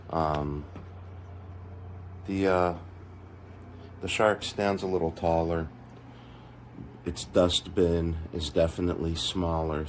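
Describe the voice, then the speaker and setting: Very deep-voiced man, slow and measured. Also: a little mellow, slight background noise. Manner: measured, hesitant with filler words. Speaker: product reviewer. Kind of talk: casual product comparison.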